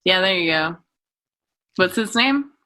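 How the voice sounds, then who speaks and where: A woman's voice: fairly low pitch, animated, measured pace, bright, forceful tone. A woman chatting casually as a podcast guest, rambling and giggling, slipping into comic voices. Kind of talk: casual chat.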